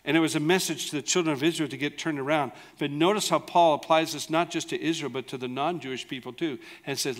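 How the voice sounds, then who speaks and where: A man's voice: fairly high pitch, fast, few pauses. A male pastor preaching a sermon in an earnest, conversational way, often asking the congregation rhetorical questions. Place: church.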